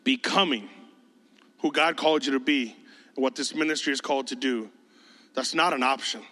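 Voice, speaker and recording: A man's voice: mid-range voice, moderate pace, pushed and bright, long reverb tail. A man preaching a sermon as a pastor, emphatic and conversational, breaking into mocking impressions.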